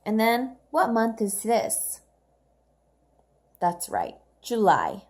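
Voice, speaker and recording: A woman walks young learners through their homework in a slow, measured voice. She speaks each word clearly and repeats it so the children can follow along, with the patient cadence of a classroom teacher. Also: on the high side, huge pitch swings. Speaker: English teacher.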